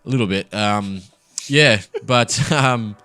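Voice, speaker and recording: A man's voice: lowish voice, slow pace, sharp tone, clear, resonant tone. A young man talking candidly and casually as a podcast co-host, swearing freely and laughing as he tells his story. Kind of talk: casual chat.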